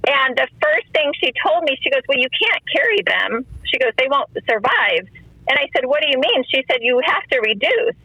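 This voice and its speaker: Bright-voiced woman sharing her story. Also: sits high, big pitch swings, a little fast, slightly rough, no echo, lo-fi sound. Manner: emotional storytelling, often quotes others in dialogue. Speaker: guest. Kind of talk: personal testimony in a podcast interview.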